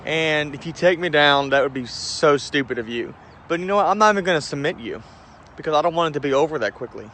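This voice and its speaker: A man's voice: a little high, expressive, quick pace, few pauses, fairly bright tone, slight background noise. Cocky man trash-talking outdoors. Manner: taunting, cocky, mocking. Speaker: fighter calling out a rival. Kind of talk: trash-talk callout video.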